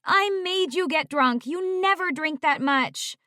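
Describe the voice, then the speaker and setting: A woman's voice: on the high side, darkish tone, dry recording, studio quality, lightly acted. Woman voicing an anxious young best friend. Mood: wailing. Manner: nervous, quick, wailing.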